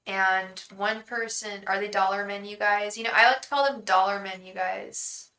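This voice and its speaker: A woman's voice: medium pitch, steady tone, normal speed, sharp tone, rough recording. A young woman hosting a live tarot reading, chatting effusively with viewers and thanking them by name.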